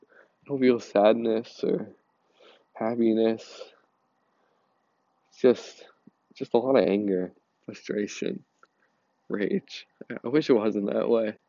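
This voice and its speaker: A man in a personal confessional monologue, halting and repeating words, angry and overwhelmed. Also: on the low side, fairly even intonation, mellow, no echo, lo-fi sound. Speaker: podcast host.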